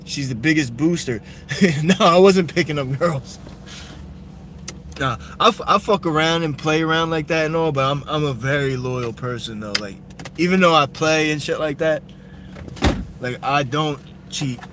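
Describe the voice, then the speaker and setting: A man's voice: a little high, moderate pace, a bit bright, slight background noise. A young man chatting casually on a live stream while driving at night, telling a story loosely and swearing freely. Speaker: livestreamer. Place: inside a car at night.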